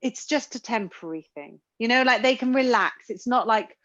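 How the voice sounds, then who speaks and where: A candid woman co-hosting a relaxed parenting chat, joking and thinking out loud. Her voice sounds dry and close, with a dull, lo-fi tone. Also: on the high side, moderate pace, no echo. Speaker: podcast co-host. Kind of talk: casual chat.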